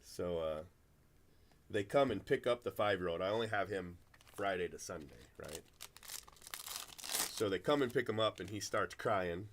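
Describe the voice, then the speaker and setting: A man's voice: low-pitched, expressive, moderate pace, pauses often, slight background noise. A middle-aged man hosting a card break, chatting casually and telling rambling stories full of restarts. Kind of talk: casual chat while opening cards.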